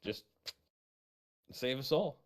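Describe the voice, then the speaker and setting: A man co-hosting a podcast, adding dark deadpan jokes in casual chat. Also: medium pitch, slow pace. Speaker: podcast co-host.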